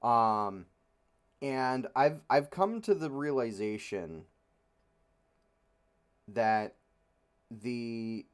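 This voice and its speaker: A man's voice: mid-range voice, lively intonation, very slow, long pauses, clean tone. A young man hosting a casual podcast, rambling and frustrated, with many fillers and free swearing. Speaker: podcast host. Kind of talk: casual opinionated chat.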